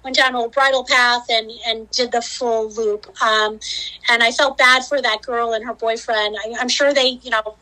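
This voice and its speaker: A woman with a high, bright voice tells a long story as a podcast guest. She talks casually, with plenty of fillers and lively quotes of herself. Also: moderate pace, rough recording. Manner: chatty, many fillers, acts out her own quotes.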